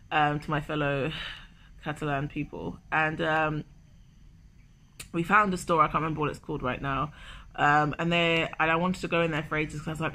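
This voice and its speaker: A woman's voice: deep voice, sharp tone, slight background noise. A young woman telling a personal story in a casual confessional vlog, chatty and emotional, with lots of "like". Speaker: vlogger.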